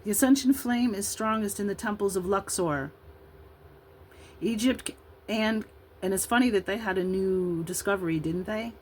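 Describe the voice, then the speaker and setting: The speaker, a tarot card reader from Illinois, USA, in her fifties, chats and rambles between the cards she reads aloud. Her mid-range voice has a darkish tone at normal speed, captured on a rough recording with slight hiss or hum.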